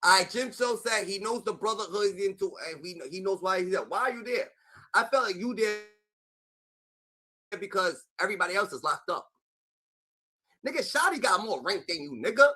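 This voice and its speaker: A man giving ranting commentary, animated and profane, packed with filler sounds. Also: high-pitched, a little fast, rough recording.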